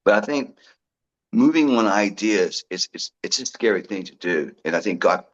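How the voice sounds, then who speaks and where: A man, a guest in an interview, telling his story in a lively way and acting out what people said. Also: fairly low pitch, normal speed, lo-fi sound. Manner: lively storyteller who acts out quoted dialogue. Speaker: guest, product founder.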